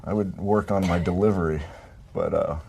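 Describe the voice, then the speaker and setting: A man's voice: low voice, fairly even intonation, moderate pace, vocal fry, dark tone, breathy edge. A man as the show's sidekick, speaking hesitantly with a mumbling delivery. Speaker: show sidekick. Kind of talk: casual chat.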